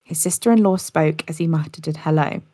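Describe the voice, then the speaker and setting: A woman's voice: sits low, fairly quick, warm tone, dry recording, clean studio sound. A woman narrating a story in a casual podcast style, with occasional slips and restarts.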